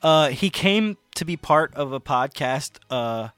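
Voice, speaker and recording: A man's voice: fairly high pitch, animated, a little slow, a bit bright, smooth, no echo. A young man in a casual podcast chat, goofy and riffing on jokes.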